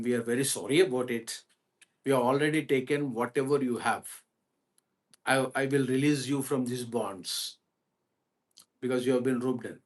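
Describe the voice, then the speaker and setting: A man voicing a kindly robber who speaks softly and soothingly to his captive. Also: medium pitch, natural voice.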